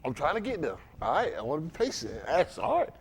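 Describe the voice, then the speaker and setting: Animated high-voiced preacher from Florida. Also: male voice, fast talker, husky. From Dade County, Florida. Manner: animated, conversational, acts out others' voices. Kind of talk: casual sermon.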